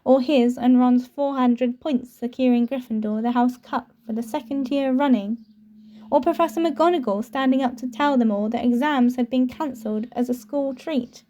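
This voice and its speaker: A woman reads a novel aloud in a steady, clear storytelling voice. Her tone is mellow and a bit higher than most women's. The recording is dull and lo-fi. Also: moderate pace. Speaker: audiobook reader.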